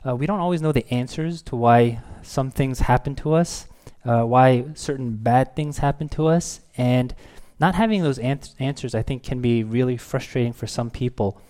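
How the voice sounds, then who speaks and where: A man's voice: medium pitch, normal speed, a little mellow. Casual, chatty man preaching. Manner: casual and personal, many fillers and rephrasings. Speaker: pastor. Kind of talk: conversational sermon.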